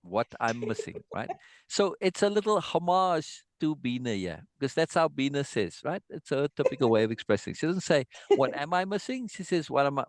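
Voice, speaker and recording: A man's voice: on the high side, dry recording. A man giving an informal online songwriting lesson, thinking aloud and checking in with his students with a frequent "right?". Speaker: songwriting teacher.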